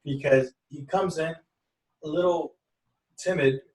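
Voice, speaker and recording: A man's voice: a little high, measured pace, a little mellow, recorded from a distance, a little hiss or hum. A man in casual podcast talk who tells a rambling story, breaks off and restarts often, and voices the people in it. His voice sounds roomy and comes from a step back from the mic. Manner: rambling storyteller with many restarts and quoted dialogue. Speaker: podcast guest.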